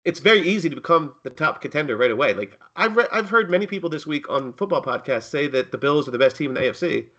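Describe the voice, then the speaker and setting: A man's voice: a little high, expressive, fast, few pauses, a bit bright, highs cut off. A man co-hosting a sports podcast, joking around and trailing off with short asides. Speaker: podcast co-host. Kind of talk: casual sports chat.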